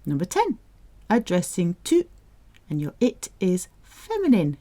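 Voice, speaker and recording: Woman, French teacher, slow careful delivery, lower voice, clear enunciation. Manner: lively jumps in pitch on example phrases. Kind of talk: audio language lesson.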